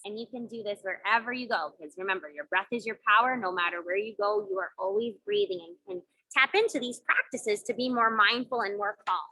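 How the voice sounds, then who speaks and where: Woman, kids yoga teacher, bright clear voice, gentle and encouraging, playful. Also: medium pitch, a little fast, few pauses, low-quality recording. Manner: gentle, encouraging instructions with playful sound effects. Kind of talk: guided kids yoga and mindfulness.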